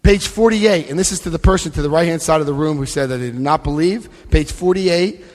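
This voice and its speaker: A man's voice: on the high side, a little fast. A man speaking at a recovery convention, emphatic and direct, guiding the audience through book pages and checking in with them. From Florida, US. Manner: emphatic, often checks in with "Okay?". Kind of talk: live talk to a convention audience. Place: large convention hall with an audience. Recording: long hall reverb from a live talk.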